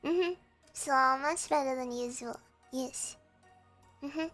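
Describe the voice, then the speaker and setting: A woman's voice: sits high, slow, soft background music. A young woman streamer chatting casually while sick and feverish, her voice strained, fretful and rambling with frequent laughs. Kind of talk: casual livestream chat.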